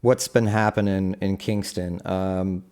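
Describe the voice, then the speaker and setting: A young man introduces his live tabletop game as its game master. His tone is warm and mellow and his voice is smooth and resonant. He talks in an easy, halting way, with plenty of fillers between phrases. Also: low voice. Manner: relaxed, halting with many fillers. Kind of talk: hosting a live tabletop stream.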